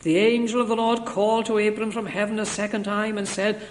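A man preaching an expository sermon in an earnest, measured way, stressing points through repetition. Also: high voice, flat delivery, slight background noise.

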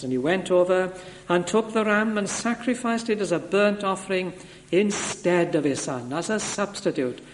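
A man preaching an expository sermon in an earnest, measured way, stressing points through repetition. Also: high voice, slight background noise.

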